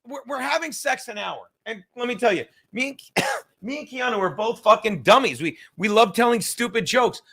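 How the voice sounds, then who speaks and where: A man's voice: extremely high pitch, lively intonation, moderate pace, a bit bright. A man hosting a casual podcast livestream, reading chat aloud with profane, rambling, self-mocking talk while fumbling to light a cigar.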